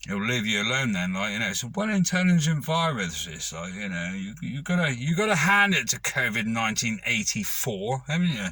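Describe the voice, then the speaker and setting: Sweary, rambling man, bright voice. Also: mid-range voice, sing-song, a little fast, hardly any pauses, dry recording. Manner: sweary, rambling, full of fillers. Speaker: vlogger. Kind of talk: rambling rant to camera.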